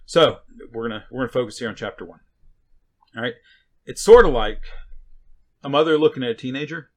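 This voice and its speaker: A man's voice: mid-range voice, brisk, pauses often. A man preaching a sermon in a conversational way, with sarcastic asides and frequent checks like "right?" and "okay?".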